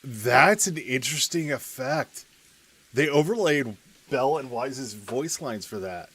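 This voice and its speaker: A man streaming a game, speaking candidly in halting, emotional phrases with his voice thick with tears. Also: mid-range voice, expressive, fairly bright tone, slight background noise. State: tearful, choked up. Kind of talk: casual let's-play commentary.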